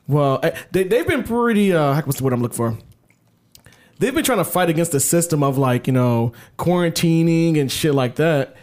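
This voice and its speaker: Guy cohosting a podcast, mid pitch, swears a lot, reads headlines out and riffs on them. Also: darkish tone. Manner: loose, profane, reads news stories aloud. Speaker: podcast co-host. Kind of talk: casual podcast chat.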